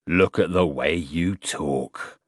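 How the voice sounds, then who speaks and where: A blunt, loud police captain who has smoked for years, rough and impolite in every word, as a man reads him. The voice sits low, and the recording is dry and close. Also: takes it slowly, no room sound, full character voice. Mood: mocking. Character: rude chain-smoking middle-aged male police captain.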